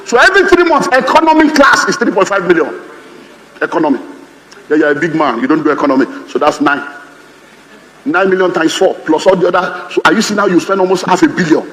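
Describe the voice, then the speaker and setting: A Nigerian man preaching a sermon as a pastor, animated and humorous, acting out the voices he quotes. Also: high voice, fast, big-room sound, low-quality recording.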